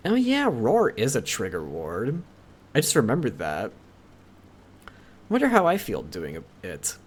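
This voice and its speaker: Young male streamer, casual rambling chat, lively sing-song pitch, middle-height voice. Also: unhurried, a little hiss or hum. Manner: rambling, with frequent self-corrections. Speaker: livestreamer.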